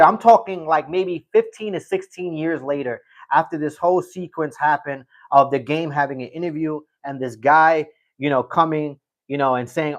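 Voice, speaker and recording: A man's voice: fairly high pitch, moderate pace. A middle-aged man hosting a casual livestream, reading chat and telling a rambling story, often repeating himself.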